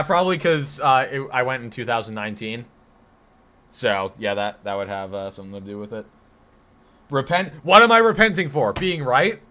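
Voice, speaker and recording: Bright-voiced rambling streamer man. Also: mid-range voice. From northeastern United States. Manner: rambling, reacts to chat, self-correcting. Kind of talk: casual live-stream chat.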